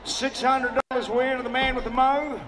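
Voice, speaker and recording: A man with an Australian accent calling a live charity auction as a rodeo announcer, pushing bids in quick, hustling bursts. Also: very high voice, little pitch movement, far from the mic. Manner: rapid-fire, hustling auction calls. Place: outdoor rodeo arena. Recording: public address with loud music and crowd.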